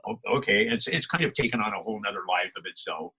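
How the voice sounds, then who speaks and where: An older male voice actor chatting in an interview, animated, laughing often and acting out quotes. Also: lowish voice, fast, breathy edge. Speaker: voice actor guest. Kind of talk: casual interview chat.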